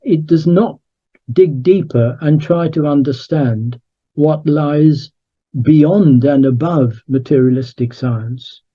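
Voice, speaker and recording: A man talking as an author and guest on a podcast, in a measured, emphatic, lecturing way. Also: a little high, highs cut off. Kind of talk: podcast conversation.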